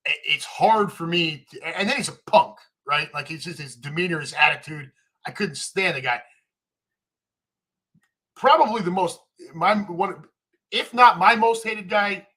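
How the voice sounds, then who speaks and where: A man hosting a live sports chat stream, ranting with animated energy and reading viewer comments. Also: mid-range voice.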